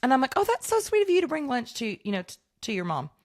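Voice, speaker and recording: A woman co-hosting a podcast, telling an animated story in casual chat and acting out the voices of the people in it. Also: high-pitched, fast. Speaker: podcast co-host.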